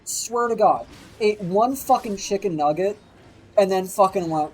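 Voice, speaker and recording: A man's voice: high-pitched, a little slow, husky, rough recording. A man telling a rambling anecdote on a stream, swearing constantly and livening it with quoted voices. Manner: profane, animated anecdote telling. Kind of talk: casual storytelling.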